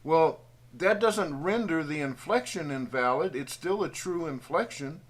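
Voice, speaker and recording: A man's voice: fairly high pitch, expressive, measured pace. A man giving a folksy, patient trading tutorial over a screen recording, thinking aloud as he draws on charts. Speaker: trading educator.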